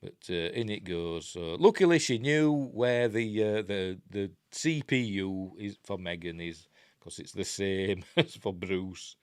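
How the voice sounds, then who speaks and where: A man's voice: low voice, unhurried, smooth, no echo, studio quality. An older man with a Yorkshire accent, casually talking through a film review with rambling, self-interrupting chat and wry asides. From Yorkshire, England.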